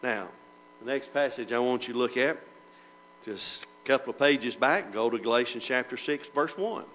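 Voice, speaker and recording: A man's voice: medium pitch, moderate pace, a bit bright, slight background noise, low-quality recording. A man preaching a Bible class sermon, asking the listeners rhetorical questions and reading scripture aloud in old-fashioned wording. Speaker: preacher teaching church members.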